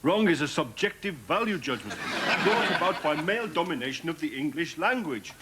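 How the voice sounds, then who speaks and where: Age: adult. Figure: a preachy politically correct Native American sidekick. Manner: clipped pidgin English. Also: male voice, on the high side, sing-song, a little fast, very noisy. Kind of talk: sketch comedy acting.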